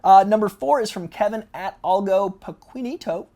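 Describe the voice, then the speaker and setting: A woman's voice: medium pitch, normal speed, mellow. A woman hosting a casual interview, chatty and upbeat as she reads out fan questions. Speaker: interview host.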